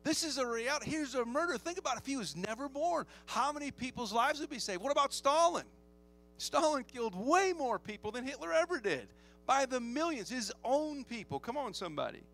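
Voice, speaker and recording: A man's voice: very high voice, very animated, a little fast, fairly bright tone. A man preaching a sermon as pastor, joking often and calling for amens from the congregation.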